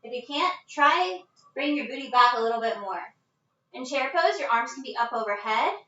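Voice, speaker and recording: A breathless yoga instructor leads a live-streamed class at home in her living room, her high, sharp voice full of lively intonation at a moderate pace. Recorded on a distant phone, it sounds echoey and muffled. She's casual and chatty and breaks into laughs.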